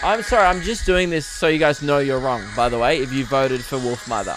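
A young man hosting a casual solo podcast, ranting with animated, profane mock outrage. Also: medium pitch, a little fast, music in the background. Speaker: podcast host.

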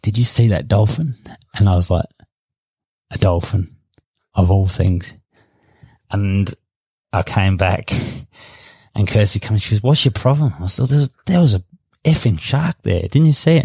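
A man's voice: lowish voice, a little mellow, no echo. An Australian man telling a rambling, self-mocking story in casual conversation, often laughing at himself. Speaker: interview guest.

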